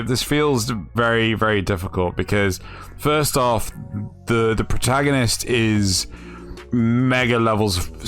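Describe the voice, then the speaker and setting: Man, low voice, joking, animated, casual online chat, faint music behind. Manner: joking, animated, jumps into high silly voices. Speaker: host answering anime questions.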